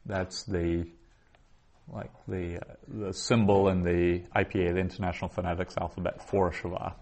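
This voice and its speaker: A man teaching a Hebrew lesson, explaining slowly and thinking aloud with frequent restarts. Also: deep voice, little pitch movement, a little mellow. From the West. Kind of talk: lecture on Biblical Hebrew.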